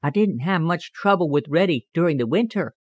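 A man voicing a curious, proud young male cottontail rabbit in an audiobook, quick to protest. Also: on the high side, animated, no echo, dull audio. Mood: indignant. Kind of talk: audiobook character reading.

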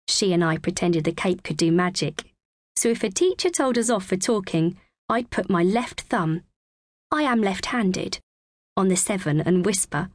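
A woman narrating a children's audiobook in the first person with a clear, expressive, measured reading. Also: fairly low pitch, dry recording.

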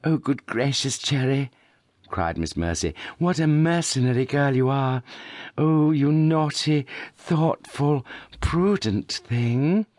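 A man plays a giddy young woman who drags out her mock-scolding words. His voice sits well above its usual level and swings lively, recorded dry. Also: medium pitch, slow pace, dry recording, voice pushed up. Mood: teasing.

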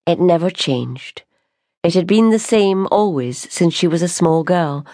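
A woman narrates an audiobook in a low, slow, measured way. Her pitch rises and falls a lot, and the sound is dry and close to the mic. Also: expressive, warm tone, no echo. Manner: measured, unhurried storytelling. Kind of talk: scripted narration.

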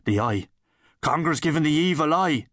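A man's voice: a little high, lively intonation, normal speed, fairly bright tone, dry recording, studio quality, pitched above the performer's own voice. A man with an Irish accent voicing a tough, teasing little country girl in an audiobook. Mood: sly. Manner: teasing, scornful.

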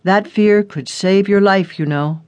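A narrator voicing a stern male police detective in an audiobook story, reading his lines in a measured, serious way. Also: mid-range voice, a little mellow, clear, resonant tone, no echo, lo-fi sound, natural voice. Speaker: detective character.

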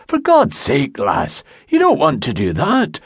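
A male narrator voicing a charming young Highland womanizer in an audiobook. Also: wildly swooping pitch, measured pace, no room sound, studio quality, full character voice. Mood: placating. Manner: coaxing, smooth-talking.

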